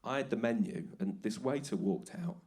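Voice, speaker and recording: A male comedian telling a story on a theatre stage, with deadpan punchlines and a dry delivery into a stage microphone. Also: lowish voice, moderate pace. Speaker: stand-up comedian. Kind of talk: stand-up comedy set.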